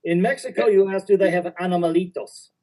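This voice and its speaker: Mellow-voiced man recalling medical school. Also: high-pitched, fast talker, low-quality recording. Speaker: panelist physician. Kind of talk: conference panel discussion.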